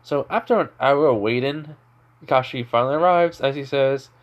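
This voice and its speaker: Brief: young guy narrating a made-up fan story, rambling, middle pitch, very casual. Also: a little fast, muffled recording. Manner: rambling, filler-heavy, chuckling. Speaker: amateur storyteller.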